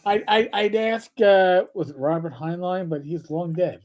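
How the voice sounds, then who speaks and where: A man's voice: high voice, moderate pace. An older man hosting a casual live stream chat, rambling and joking with plenty of swearing. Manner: profane, rambling, animated joker. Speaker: host.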